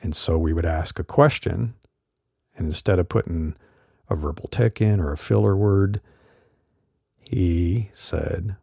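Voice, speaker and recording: A middle-aged man hosting a podcast, talking casually and relaxed, with fillers, on a studio condenser mic. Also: deep voice, unhurried, vocal fry, long pauses, dry recording. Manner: relaxed, chatty, with fillers and laughs. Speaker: podcast host. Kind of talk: casual solo podcast talk.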